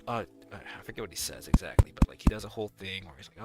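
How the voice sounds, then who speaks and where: A man's voice: fairly low pitch, quick pace, few pauses. A young man giving casual gameplay commentary, rambling and ranting animatedly. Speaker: gaming video creator.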